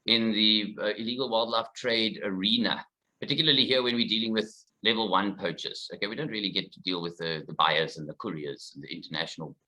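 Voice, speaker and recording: South african guy presenting, quick and a bit rushed, bright forceful voice. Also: lowish voice, poor audio. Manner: quick, informal, slightly rushed. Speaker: conservationist presenter. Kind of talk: conference presentation. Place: research facility room.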